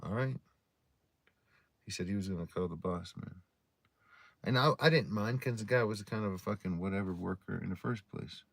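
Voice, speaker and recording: A man's voice: sits low, normal speed, vocal fry, pauses often, no echo. A man casually telling stories to his livestream audience in a rambling, heavily profane way while drinking a beer. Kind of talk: casual storytelling chat to a live audience.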